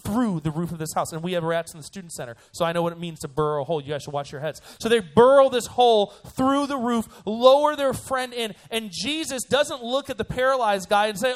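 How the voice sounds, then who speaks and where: A young man, a youth pastor, giving a joking, animated sermon to students. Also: high voice, normal speed. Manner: animated and joking, acts out voices.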